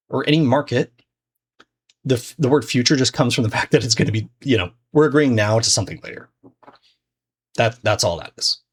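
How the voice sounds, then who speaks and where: A man talks through a trading lesson in a relaxed, chatty way. He restarts sentences and drops in fillers as he goes. His voice sits at an ordinary mid pitch. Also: fairly quick, breathy edge. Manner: loose and conversational, many fillers and restarts. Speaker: trading teacher. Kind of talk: casual explanatory lesson.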